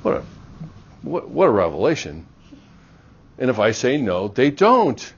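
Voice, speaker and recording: Man, middle-aged, university lecturer; animated, plays out dialogues; lo-fi classroom recording. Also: mid-range voice, a little slow, vocal fry, slightly rough. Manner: animated, acts out little dialogues.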